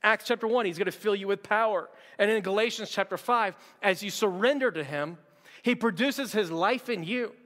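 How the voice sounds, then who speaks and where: A man's voice: high voice, moderate pace, fairly bright tone, long reverb tail. A pastor preaching a sermon to his church in a conversational, emphatic way, with repeated words and casual fillers.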